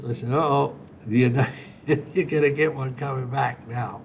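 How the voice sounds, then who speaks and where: Male podcast host with a gravelly voice, chatty storyteller who acts out dialogue, middle-pitched, dull lo-fi sound. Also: fairly even intonation, normal speed. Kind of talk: solo podcast monologue. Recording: dull lo-fi sound with faint rumble.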